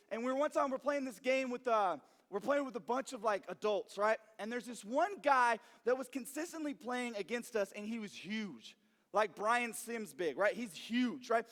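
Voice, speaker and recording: A young man speaking as a youth pastor, telling jokey stories and acting out quoted reactions. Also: sits high. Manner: animated, joking storytelling with quoted asides. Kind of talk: youth group talk. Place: church youth room or hall. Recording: long reverb of a hall.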